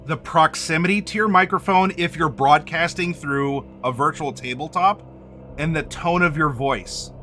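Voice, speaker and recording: A man hosting a game master workshop, talking to camera and addressing the viewer directly in an animated way. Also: a little high, moderate pace, faint music behind. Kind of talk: instructional talk to camera.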